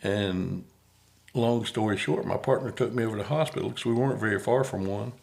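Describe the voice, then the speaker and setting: A low-pitched man with a gravelly, creaky voice talks casually as a podcast host. He rambles in a folksy way and restarts his phrases by doubling words, in an easygoing conversation. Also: brisk, a little mellow.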